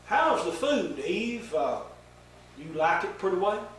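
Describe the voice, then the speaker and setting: An older man voicing a sly, smooth-talking male serpent-devil who drawls casually and then turns hushed and earnest, in an echoey room with the mic set far off. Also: high voice, very animated, slow pace, a little hiss or hum, full character voice. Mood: friendly.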